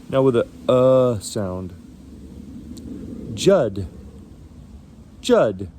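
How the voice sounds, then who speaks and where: A man teaching English pronunciation, saying each word twice slowly and carefully. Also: mid-range voice, mellow, breathy edge. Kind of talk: slow, deliberate word drills.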